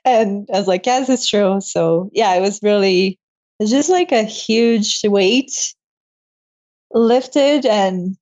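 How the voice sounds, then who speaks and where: Young woman guest, laughs a lot, gets emotional, slightly dull lo-fi audio, mid pitch. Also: takes it slowly. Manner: emotional, laughs often, animated retelling. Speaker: guest, medical student. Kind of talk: casual interview storytelling.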